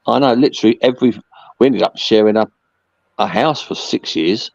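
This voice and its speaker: A man's voice: fairly low pitch, brisk, vocal fry, a little mellow, no echo, highs cut off. A man chatting casually as a podcast guest, rambling with plenty of fillers. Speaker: podcast guest, merchandise seller. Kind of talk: casual chat.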